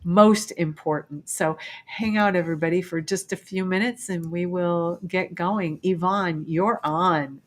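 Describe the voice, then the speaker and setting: Low-voiced woman hosting a spiritual show. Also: steady tone, measured pace, few pauses. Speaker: show host. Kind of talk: casual talk show hosting.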